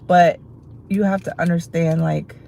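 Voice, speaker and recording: A woman's voice: on the low side, steady tone, unhurried, gravelly, mellow, a little hiss or hum, low-quality recording. A woman hosting a livestream, chatting casually to her viewers in rambling talk full of fillers and restarts, and laughing easily. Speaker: livestream host.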